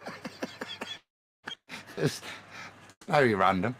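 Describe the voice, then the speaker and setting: A man's voice: medium pitch, lively intonation, slow pace, very noisy. A man joining a live online show, wry and mumbling his remarks. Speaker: show guest. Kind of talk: casual live stream chat.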